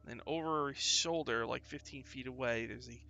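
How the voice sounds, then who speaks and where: Gravelly guy running a tabletop game, umms a lot, bright tone. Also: medium pitch, highs cut off, faint music behind. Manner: loose, halting narration with many fillers. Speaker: game master.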